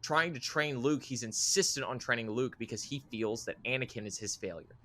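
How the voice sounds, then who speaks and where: Man, podcast co-host, casual chat, animated, mid pitch. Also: fairly quick, slight background noise. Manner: animated, acts out quoted lines.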